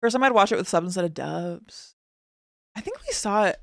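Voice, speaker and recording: A woman with a Chicago accent, chatting as a streamer in an excitable, rambling way. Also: medium pitch, fairly quick, gravelly, no room sound, clean studio sound. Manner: excitable, rambling, often laughing. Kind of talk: casual reaction stream chat.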